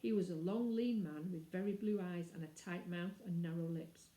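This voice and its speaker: A woman reading a classic children's novel aloud in a clear, measured storytelling manner. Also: on the low side, dark tone. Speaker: reader. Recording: roomy echo.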